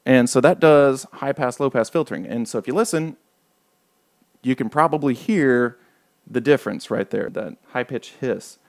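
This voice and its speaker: A man's voice: medium pitch, normal speed, no room sound, clean studio sound. A man hosting a casual home tech demo, explaining step by step through an XLR microphone while he adjusts knobs on his mixer. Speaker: gear demo host.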